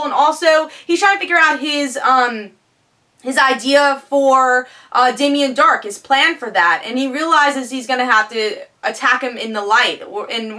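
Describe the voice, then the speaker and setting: A woman's voice: high voice, sharp tone. A woman giving a casual spoken review of a TV episode, chatty, with lots of fillers and restarts.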